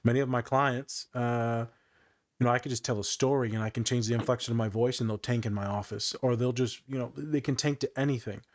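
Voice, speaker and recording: A man's voice: medium pitch, steady tone, a little fast. A man in his thirties hosting a podcast, telling personal stories with feeling and acting out what people said. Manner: emotional, storytelling with acted-out quotes. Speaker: podcast host. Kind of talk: casual podcast chat.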